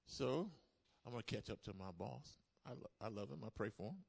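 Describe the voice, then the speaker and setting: A man preaches in a mid-range voice that's animated and a little quick, with vocal fry and a mellow, husky quality. During a church service he repeats key lines for emphasis and calls on the congregation to answer back.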